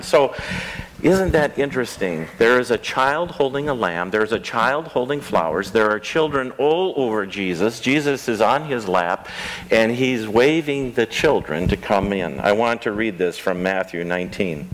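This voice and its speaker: A man's voice: mid-range voice, lively intonation, moderate pace, a bit bright, poor audio. Man pastor giving a children's sermon. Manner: conversational, asks children simple questions. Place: rural church sanctuary.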